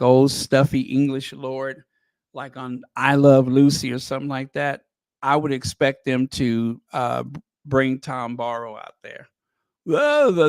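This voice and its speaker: Male host doing slow, sarcastic commentary, mocking and rambling, in a dry booth. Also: mid-range voice, dry recording. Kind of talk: casual commentary.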